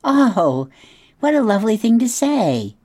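A theatrical female opossum with a high, gushing voice, vain about her acting, as a woman reading a storybook puts her on. She is showy and pleased with herself. The sound is dry and close. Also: sing-song, unhurried, warm tone, no echo.

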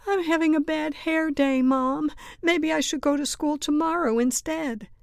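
A woman's voice: mid-range voice, very animated, a little slow, no echo, studio quality. A woman voicing a whiny, reluctant young boy cat while reading a storybook aloud. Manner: whining, pleading, repeating.

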